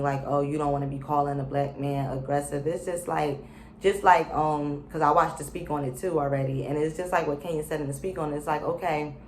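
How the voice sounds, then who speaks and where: A deep-voiced woman casually recaps a reality show, sounding chatty and opinionated and using lots of fillers and slang. The room is echoey, with slight background noise.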